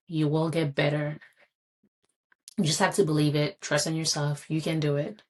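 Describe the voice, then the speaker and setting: Low-voiced woman giving earnest encouragement. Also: level tone, moderate pace, fairly bright tone. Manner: earnest, encouraging, repeats for emphasis. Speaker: podcast host. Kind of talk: solo motivational podcast talk.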